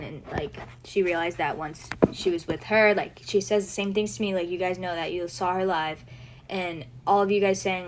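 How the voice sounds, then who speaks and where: A young woman on a livestream who speaks haltingly, frustrated and losing her train of thought. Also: fairly low pitch, very noisy. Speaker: livestream co-host. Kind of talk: emotional livestream talk.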